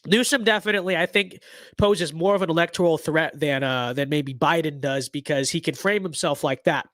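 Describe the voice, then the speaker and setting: Blunt young man, stuffy nose, high voice. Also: brisk, fairly bright tone, dry recording. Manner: blunt, sarcastic, rambling. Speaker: political commentator. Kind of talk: casual political commentary livestream.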